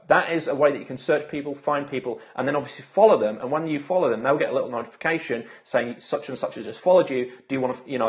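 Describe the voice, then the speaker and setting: A man hosting a live phone stream, chatting casually, greeting viewers by name and giving marketing tips with lots of filler uhs. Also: mid-range voice.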